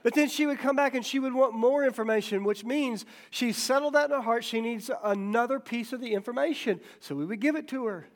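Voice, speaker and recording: A man's voice: very high-pitched, a little fast, few pauses. A middle-aged male pastor giving a folksy, joking sermon, checking in with "okay?" and "right?" and acting out the voices in his stories. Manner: acts out quoted voices in stories.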